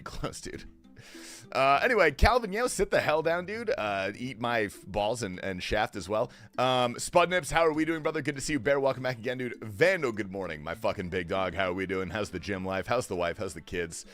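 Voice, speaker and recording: A man hosting a casual livestream at home, greeting viewers with joking banter that swings from low murmurs to sudden yells. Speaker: livestream host. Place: home, keeping quiet while others sleep.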